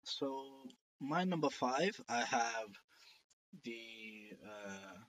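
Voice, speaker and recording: A young man co-hosting a casual football podcast, relaxed and hesitant, with frequent ums. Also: medium pitch, drawn-out words, poor audio. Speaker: podcast co-host.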